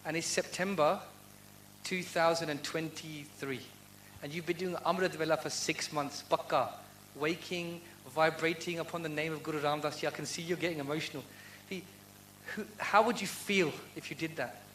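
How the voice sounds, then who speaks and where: A man's voice: fairly high pitch, fairly even intonation, moderate pace, a bit bright, low-quality recording. A man with a slightly raised voice answers questions at a university event, sincere and heartfelt. He speaks in an earnest devotional style and leans on rhetorical questions. A faint hum sits under his voice. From United Kingdom. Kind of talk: devotional talk and Q&A.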